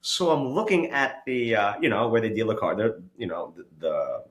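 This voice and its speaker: A man telling stories in a casual podcast chat, animated, laughing and swearing often. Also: on the low side, moderate pace, roomy sound. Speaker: podcast host.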